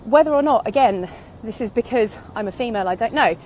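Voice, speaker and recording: A woman's voice: on the high side, lively intonation, fast talker, darkish tone, a little hiss or hum. A woman in her thirties, a vlogger talking candidly and going off on tangents while she walks, a little out of breath. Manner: candid, rambling, goes off on tangents. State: slightly out of breath from walking. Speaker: online business vlogger. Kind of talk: casual reflective monologue. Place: outdoors, walking.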